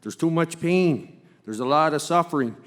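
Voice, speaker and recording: A man's voice: fairly high pitch, lively intonation, moderate pace. A man from Cape Breton running for mayor speaks with earnest, impassioned conviction. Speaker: mayoral candidate. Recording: long reverb in a convention hall.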